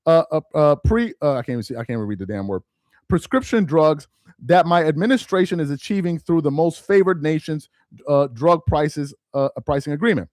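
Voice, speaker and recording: Animated sarcastic man hosting a live stream. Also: fairly high pitch, no echo, studio quality. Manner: sarcastic, mocking, reads aloud slowly with emphasis. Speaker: political commentary host.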